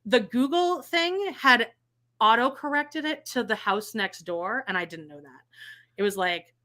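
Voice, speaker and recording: Bright animated woman telling a story. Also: on the high side, a little slow. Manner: animated, swears a lot, acts out quotes with shrieks. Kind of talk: casual storytelling chat.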